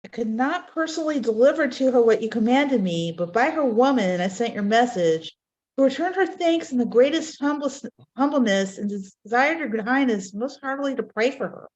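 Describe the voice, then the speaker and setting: A woman's voice: fairly high pitch, lively intonation, moderate pace, darkish tone, dull audio, close to an everyday voice. A woman reading the part of a dutiful courtier knight in an amateur Shakespeare reading, speaking the verse earnestly and plainly. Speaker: reader in a play reading.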